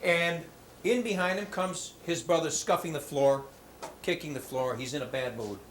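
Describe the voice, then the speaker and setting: A man giving a motivational talk to schoolchildren, telling jokes in an animated, hammy storytelling manner in a school hall. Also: fairly high pitch, normal speed. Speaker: motivational speaker. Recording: roomy hall with faint background noise.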